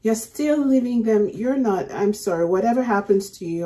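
A woman hosting a movie reaction, talking back to the screen in an expressive, casual way. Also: mid-range voice, normal speed. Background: film audio playing.

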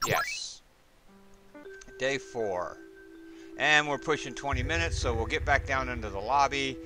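A man's voice: medium pitch, a little slow, bright, forceful tone, faint music behind. A man hosting a gameplay video, chatting playfully as he plays. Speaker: gameplay host. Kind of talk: let's play commentary.

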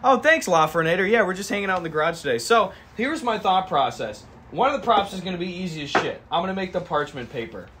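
A young man streaming from his garage, casually pitching a comedy sketch and acting out both sides of the scene. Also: slight background noise. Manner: animated, acts out both sides of the scene in quick voices.

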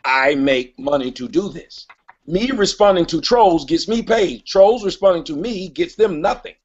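A man's voice: high voice, animated, moderate pace, dull audio. A man hosting a live online hangout, arguing with a caller, often cutting in and asking to finish his point. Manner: argumentative, cuts in, keeps repeating "wait a minute". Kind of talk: heated live debate. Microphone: online call audio.

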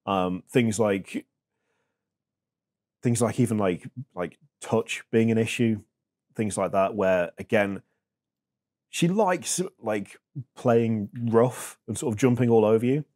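A man in his thirties, a podcast guest talking in a reflective, halting way with many fillers. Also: lowish voice, darkish tone. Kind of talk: casual chat.

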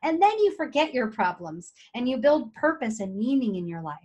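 A middle-aged woman, an occupational therapist, giving an animated, chatty coaching talk to camera and acting out her clients' inner voices. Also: fairly high pitch, moderate pace.

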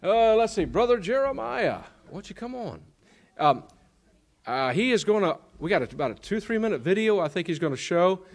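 A male host speaks loosely to the church, his pitch rising and falling a lot as he calls the next preacher forward from a distance off the mic. He sounds relaxed and unscripted. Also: a little fast. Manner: casual, introducing the next speaker. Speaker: conference host.

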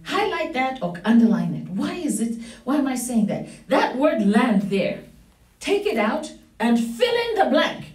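A woman pastor preaching a sermon, growing excited and breaking into shouts and laughter. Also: on the high side, unhurried. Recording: roomy church hall, voice from far off.

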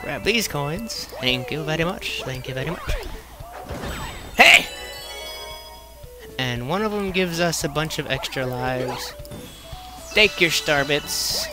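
Goofy, slow-talking man playing a game. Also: on the high side. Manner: goofy, playful, sing-song repetitions. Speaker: let's play commentator. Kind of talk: casual game commentary. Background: game music.

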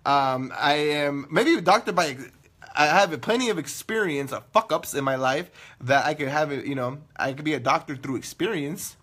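Young socal guy hosting his online radio show, bright high voice, loud, cussing, cracking jokes. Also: normal speed. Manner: loud, profane, joking, laughs often. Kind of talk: casual live-stream chat with viewers.

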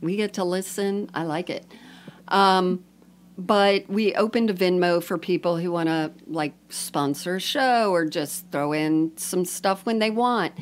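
A woman's voice: lowish voice, unhurried. A woman co-hosting a podcast, chatting casually in a playful, jokey way and laughing often. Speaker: podcast co-host. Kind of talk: casual chat.

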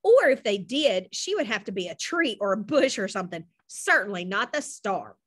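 A woman narrating a children's chapter book aloud in an expressive, lively storytelling manner. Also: medium pitch, moderate pace. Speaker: audiobook narrator.

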